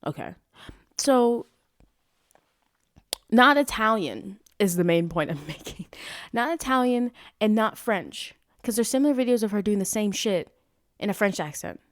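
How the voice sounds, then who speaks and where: A woman's voice: medium pitch, lively intonation, measured pace, pauses often, no room sound, studio quality. A young adult woman hosting her own podcast in casual, rambling chat that swears freely and keeps drifting off topic. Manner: rambling, profane, easily sidetracked. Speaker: podcast host. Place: at home, street traffic nearby.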